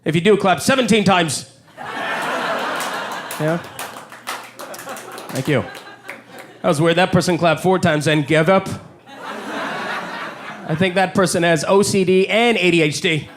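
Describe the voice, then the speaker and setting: A man's voice: high-pitched, a little slow, pauses often, a little hiss or hum. A man from Canada doing a self-deprecating, confessional stand-up set on a comedy club stage.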